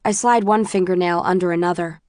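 A woman reads a first-person novel aloud in a measured, introspective way. Her voice sits on the lower side for a woman. The sound is close and dry, with no room echo. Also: fairly even intonation, darkish tone. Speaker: audiobook narrator.

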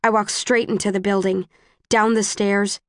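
A woman reading a first-person audiobook in an even, plain storytelling voice. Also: medium pitch, normal speed, no echo, studio quality. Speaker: audiobook narrator.

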